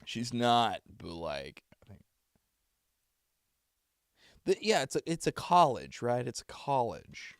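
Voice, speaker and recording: A man's voice: medium pitch, wildly swooping pitch, slow pace, long pauses, dry recording. A man, a voice actor, chatting with his stream viewers in a loose, rambling way. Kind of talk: casual live-stream chat.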